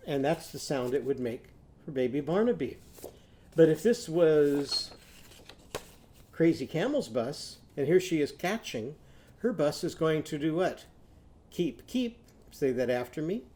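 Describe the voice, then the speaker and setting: A man teaching young children a phonics lesson, patiently prompting them to repeat after him and sounding out words slowly. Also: a little high, a little mellow, slight background noise. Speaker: literacy teacher.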